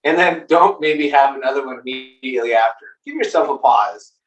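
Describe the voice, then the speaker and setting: A man speaks at an ordinary pitch, sitting well back from the mic in a noticeably echoey room. He chats casually as a brewmaster, and his explanations ramble loosely, full of fillers and restarts. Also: fairly quick, recorded from a distance, lo-fi sound. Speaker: brewmaster guest. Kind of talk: casual chat.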